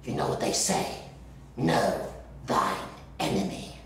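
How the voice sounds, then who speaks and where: A history-obsessed hospital orderly, played by a man, confiding in the audience with a gravelly, lively voice that rises and falls. He is heard from a distance on a very echoey stage with noise behind. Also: on the low side, takes it slowly. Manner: wry, confiding storyteller. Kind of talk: solo stage play.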